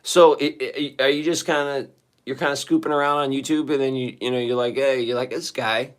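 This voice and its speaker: A man on a casual live stream from his bathroom, rambling and swearing to his viewers, his voice hoarse and shaky after singing. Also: medium pitch, level tone, fairly quick. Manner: rambling, profane, talking to chat. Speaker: livestreamer. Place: sitting in a bathroom.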